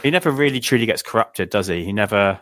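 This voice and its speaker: Male guest, lowish voice, dry studio sound, wry casual humor. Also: expressive, fast, fairly bright tone, no room sound. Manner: wry, dryly joking. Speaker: podcast guest. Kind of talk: casual film discussion.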